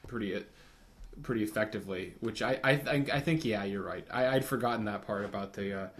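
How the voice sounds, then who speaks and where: A man with a somewhat low voice chats casually about a story, thinking aloud as he goes. He restarts his sentences often and circles back to his points. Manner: halting, many restarts, musing. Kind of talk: casual chat.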